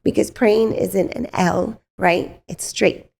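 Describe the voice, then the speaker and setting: A woman breathwork coach, a podcast guest, explaining in a gentle, encouraging way with frequent "right?" asides. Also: mid-range voice, steady tone, slow, vocal fry, slightly rough. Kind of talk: casual podcast conversation.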